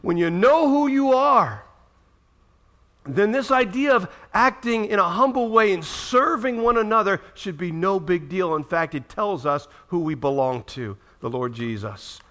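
A man preaching a sermon, telling Bible stories with animated voices and checking in with his listeners. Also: sits high, a little slow. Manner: animated storytelling, acts out quoted voices. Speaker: pastor.

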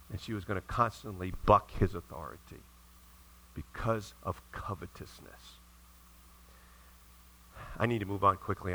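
A middle-aged male pastor preaching a sermon, retelling stories in a lively way and acting out the characters' lines. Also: on the low side, poor audio. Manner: animated storytelling with acted-out quotes.

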